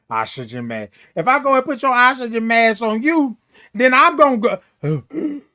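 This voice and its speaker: A middle-aged man hosts a morning live show, delivering an emphatic, preachy pep talk in which he repeats key phrases and reads viewer comments. His voice is very high-pitched and sharp, very animated, yet his pace is slow.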